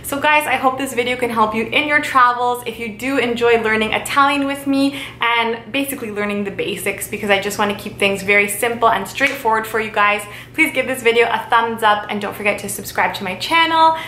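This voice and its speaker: A woman giving a casual video language lesson, chatty and friendly, repeating phrases slowly and carefully. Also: fairly high pitch, pushed and bright, slight background noise. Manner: slow, careful repetition of phrases. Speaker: language teacher. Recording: roomy echo.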